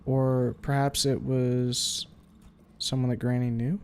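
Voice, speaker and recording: A man's voice: medium pitch, level tone, takes it slowly, darkish tone, smooth. A man streaming a video game, thinking aloud in a casual way with the odd swear. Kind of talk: live gameplay commentary.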